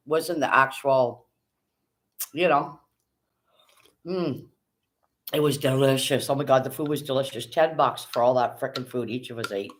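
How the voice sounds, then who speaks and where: Chatty woman live streaming. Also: deep voice. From Canada. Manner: chatty, greets viewers by name, casual swearing. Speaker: livestream host. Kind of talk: casual live stream chat.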